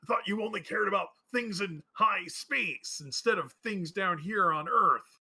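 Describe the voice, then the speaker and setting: A man's voice: sits high, measured pace, vocal fry, bright, forceful tone, husky. A man running a tabletop game as game master, hesitant with many fillers and often laughing.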